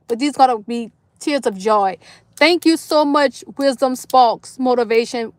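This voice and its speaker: High-voiced, slow-talking emotional woman streamer. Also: dry recording. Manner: warm, emotional, thanking viewers by name. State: tearful. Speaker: livestream host. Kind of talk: casual livestream chat with viewers.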